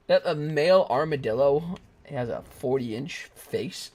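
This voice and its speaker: A young man talks over a shooter game in a loose, rambling way, hopping between silly jokes, laughter and half-sung lines. His pitch leaps around constantly, from low mutters to high squeals. The tone is goofy gameplay chatter. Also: animated, a little slow, darkish tone. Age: young adult. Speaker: gaming streamer. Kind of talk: casual live gameplay commentary.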